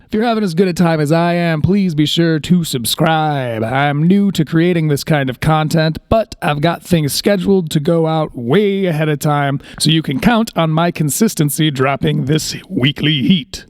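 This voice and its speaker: A male reviewer talks over his video in a casual, candid way with joking asides. His voice sits a little high. The sound is close and dry. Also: moderate pace, few pauses, no echo.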